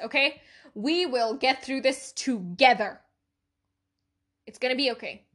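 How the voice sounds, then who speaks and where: Bright, earnest young woman podcaster. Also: high voice, lively intonation, a little slow. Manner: earnest, rambling, repeats herself emphatically. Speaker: podcast host. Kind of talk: solo podcast outro, casual chat.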